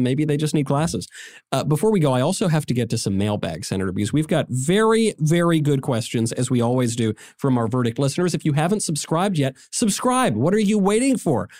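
A man's voice: fairly high pitch, darkish tone. A man hosting a political podcast, teasing his guest in a mock-serious tone and reading out listener questions. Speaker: podcast host. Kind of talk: casual political podcast chat.

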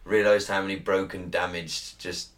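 A man from Britain hosts a casual podcast, cracking jokes, swearing and laughing often. His voice sits somewhat low, and his delivery is relaxed and chatty. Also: moderate pace. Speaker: podcast host.

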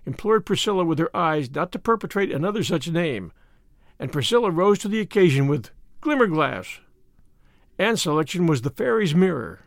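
Expressive male storybook narrator, dry sound. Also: a little high, dry recording. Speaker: audiobook narrator. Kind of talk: scripted narration.

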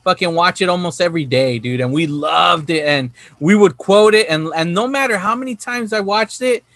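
A man's voice: high-pitched, moderate pace, fairly bright tone, dry recording. A man hosting a casual podcast chat, rambling and cursing freely while telling stories. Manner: profane, rambling storytelling. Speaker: podcast host.

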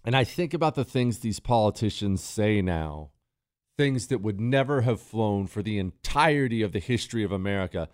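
A man hosting a talk radio show, delivering a forceful, indignant and sarcastic opinion monologue. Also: on the low side, expressive, moderate pace, no echo, studio quality.

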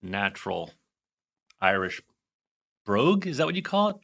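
Male co-host, chatty and playful, bright tone, lively swooping pitch. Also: moderate pace, vocal fry. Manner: playful, chatty, lots of fillers. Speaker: podcast co-host. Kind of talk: casual chat.

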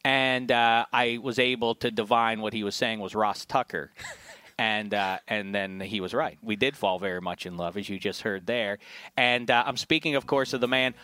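A man hosting a sports podcast, chatting casually with jokey, animated banter. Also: lowish voice, normal speed, smooth. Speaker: podcast host.

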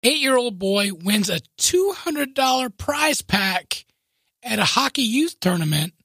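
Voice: mid-range voice, big pitch swings, measured pace, pushed and bright, breathy edge, no echo. A podcast co-host chatting casually and reading a news story aloud, often breaking into laughs and asides.

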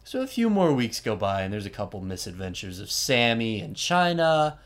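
A man with a slightly low voice tells a story in a loose, chatty way. He keeps it animated, with plenty of "like" and quick asides. It sounds like an easygoing host recounting events to a friend. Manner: animated retelling with frequent "like" and asides. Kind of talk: casual storytelling chat.

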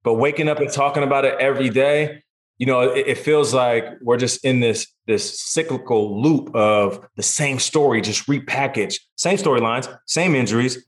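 A man in his thirties, a guest in a casual interview, telling stories in a lively way and acting out what others said. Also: mid-range voice, moderate pace. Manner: animated, acts out quotes in voices. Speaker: podcast guest, sports broadcaster. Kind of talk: casual storytelling chat.

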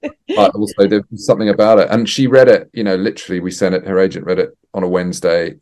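A man, a theatre director guest on a remote podcast interview, speaking thoughtfully with halting restarts. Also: sits low, little pitch movement, darkish tone. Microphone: remote call.

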